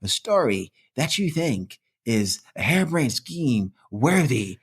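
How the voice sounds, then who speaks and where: A man's voice: mid-range voice, very animated, slow, breathy edge. A man hosting a comedy podcast, teasing his co-host and rambling through sign-offs. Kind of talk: comedic banter.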